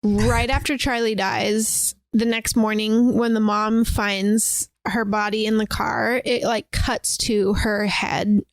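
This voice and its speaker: A woman hosting a podcast, casually retelling a film in an animated way, acting out quotes and saying "like" a lot. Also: mid-range voice, slow pace, few pauses, no room sound. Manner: animated, acts out quotes, lots of "like". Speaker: podcast host.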